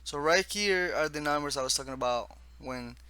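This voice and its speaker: A man from the East Coast of the United States casually walks through his own text game, reading the on-screen text haltingly with restarts and asides. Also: a little high, pushed and bright, clear, resonant tone, no room sound.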